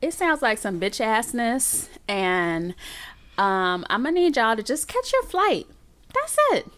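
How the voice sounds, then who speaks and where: A woman's voice: fairly high pitch, sing-song, slow pace, a bit bright. A woman co-hosting a podcast, ranting in a sassy, exasperated way in casual chat. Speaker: podcast co-host.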